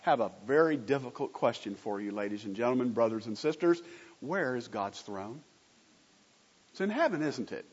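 A man's voice: mid-range voice, lively intonation, normal speed, breathy edge. A man preaching a sermon, asking the congregation questions and answering them himself in an emphatic teaching manner. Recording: muffled recording with long hall reverb.

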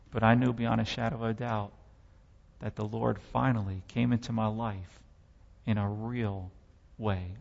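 A man's voice: lowish voice, gravelly, in a large hall, lo-fi sound. A man giving a sermon testimony, telling his story with impassioned, dramatic swells.

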